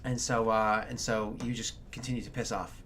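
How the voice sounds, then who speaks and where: A man's voice: lowish voice, flat delivery, moderate pace, fairly bright tone, slight background noise. A man running a tabletop game as game master, narrating in an easygoing, meandering way.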